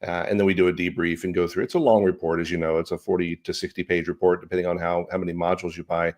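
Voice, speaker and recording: Deep-voiced animated man coaching CEOs. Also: quick pace. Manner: animated, expressive inflection. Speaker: CEO coach, guest. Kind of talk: business podcast interview.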